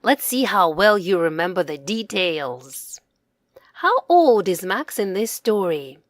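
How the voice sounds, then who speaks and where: A woman reads a children's story aloud at a very slow, deliberate pace. Her voice swings up and down in a lively sing-song way, like someone reading to toddlers. The recording is dry and close, with no room sound. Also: mid-range voice, no echo. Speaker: storybook reader and author.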